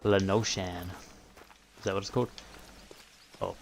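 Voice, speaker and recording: A man's voice: fairly low pitch, fairly even intonation, moderate pace, long pauses, fairly bright tone, slight background noise. A man streaming live, giving casual running commentary as he plays a hunting game, muttering and thinking aloud as he goes.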